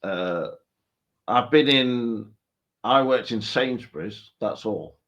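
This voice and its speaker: A man's voice: medium pitch, expressive, slow, fairly bright tone. A man co-hosting a casual live stream, joking and rambling over a call mic. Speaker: co-host.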